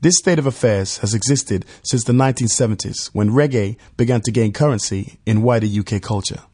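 A British man presenting and narrating a radio feature in a measured, explanatory way. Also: on the low side, warm tone, breathy edge.

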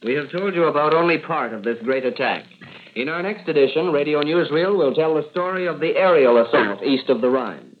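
Man announcing the news, fairly high voice, old tinny radio with hiss. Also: lively intonation, fairly quick. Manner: crisp, formal announcing. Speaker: newsreel presenter. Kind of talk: formal radio news presentation. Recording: tinny, hissy 1940s radio archive.

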